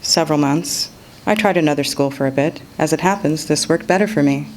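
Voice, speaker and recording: A woman's voice: low-pitched, brisk, a little hiss or hum, lightly acted. A woman voicing a charming young Englishman who teases playfully, reading a novel excerpt aloud. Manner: teasing, theatrical banter.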